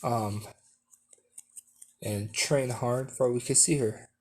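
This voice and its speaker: A calm, supportive ninja husband, voiced by a man. He speaks slowly and haltingly, with frequent pauses. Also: mid-range voice, slightly rough. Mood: encouraging. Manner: halting, hesitant delivery.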